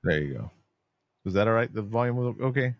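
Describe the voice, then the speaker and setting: Man from San Antonio, podcast co-host, blunt ranter, low voice. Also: lively intonation, fast, dull audio, very noisy. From San Antonio, Texas. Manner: ranting, blunt, swears freely. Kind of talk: casual chat.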